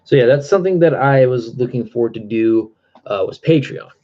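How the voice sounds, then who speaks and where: A man's voice: medium pitch, a little fast, dark tone, lo-fi sound. Breathless man rambling on a stream. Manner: earnest, rambling with fillers and restarts. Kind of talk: casual live-stream chat.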